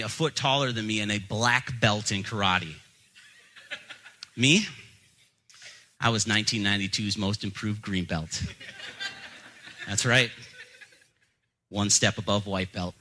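Bright-voiced preacher telling a funny story. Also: male voice, fairly low pitch, normal speed, slight background noise, poor audio. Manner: storytelling, jokey self-deprecating. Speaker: pastor. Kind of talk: sermon.

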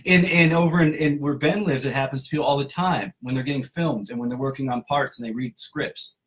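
A man's voice: mid-range voice, normal speed. A man co-hosting a jokey podcast, cracking sarcastic, dismissive jokes. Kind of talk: jokey comedy podcast chat.

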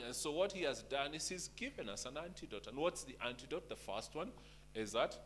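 A man's voice: fairly high pitch, lively intonation, fairly quick, fairly bright tone. A man preaching a sermon, asking the congregation rhetorical questions and urging them to stay with him.

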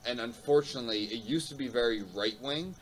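A man's voice: medium pitch, fairly quick, low-quality recording. A man from the United States hosting a casual podcast chat, blunt and opinionated, swearing freely. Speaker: podcast host.

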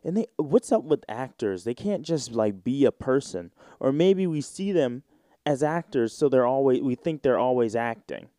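A man's voice: medium pitch, animated, moderate pace, mellow, dry recording, studio quality. A man in his twenties from the United States, hosting a solo podcast in a rambling, joking, slangy way. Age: 20s. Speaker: podcast host. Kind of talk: casual solo podcast chat.

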